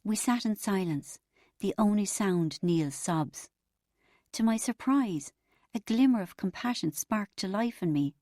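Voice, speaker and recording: A woman narrating an audiobook with expressive storytelling. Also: mid-range voice, unhurried, no echo, clean studio sound.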